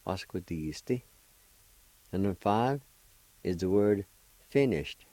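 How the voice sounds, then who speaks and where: A man hosting a radio language lesson, spelling and pronouncing each word slowly and patiently, repeating it several times. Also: fairly low pitch, dark tone, no echo, poor audio. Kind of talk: slow spelling and pronunciation lesson.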